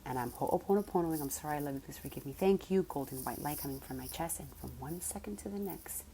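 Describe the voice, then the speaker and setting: Low, mellow-voiced woman storyteller. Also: fast, a little hiss or hum. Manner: animated storytelling, drops to soft whispered mantras. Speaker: spiritual coach. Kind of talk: casual monologue.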